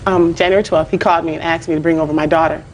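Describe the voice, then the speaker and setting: Fast-talking young woman plaintiff. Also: deep voice, fairly even intonation, slight background noise. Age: 20s. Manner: rambling, hesitant with fillers. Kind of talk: courtroom testimony.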